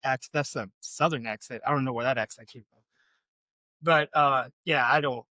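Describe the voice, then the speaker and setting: A man's voice: mid-range voice, steady tone, normal speed, sharp tone, dry recording. A man, co-hosting a podcast in rambling, self-deprecating casual chat. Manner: rambling, self-deprecating, with many fillers and restarts. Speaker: podcast co-host.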